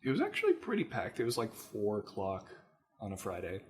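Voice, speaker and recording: A man co-hosting a casual podcast chat, telling stories with animated laughter. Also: on the low side, brisk, breathy edge. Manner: animated storyteller, laughs while telling anecdotes. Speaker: podcast co-host.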